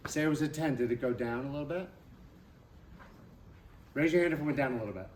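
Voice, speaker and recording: A man leading a stress-relief exercise for a live audience, coaching them and asking questions. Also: a little high. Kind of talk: live workshop talk to an audience. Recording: roomy hall, voice from off-mic with faint noise.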